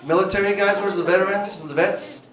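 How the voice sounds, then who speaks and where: Brash, profane stand-up comic, high voice. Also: male voice, fairly even intonation, a little fast. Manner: brash, profane, teasing the audience. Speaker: stand-up comedian. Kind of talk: stand-up comedy with crowd work. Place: large comedy club indoors. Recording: echoey club with loud crowd laughter.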